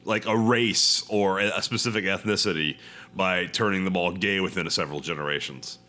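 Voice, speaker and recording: A man from Texas co-hosting a comedy podcast, talking in a wry, deliberate, profane way. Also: low voice, pushed and bright. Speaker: podcast co-host. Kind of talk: casual comedy chat.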